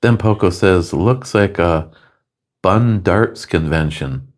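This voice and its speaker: Slow, deep-voiced man reading chat comments. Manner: joking, reads viewer comments aloud. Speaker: beer review co-host reading chat comments. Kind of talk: casual chat.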